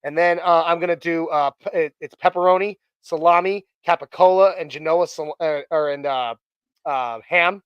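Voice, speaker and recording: Male stream host, fairly high and smooth voice, rambling and chatty, dry close sound. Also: normal speed, no room sound, dull audio. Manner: chatty and rambling, many fillers and restarts. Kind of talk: casual chat on a live stream.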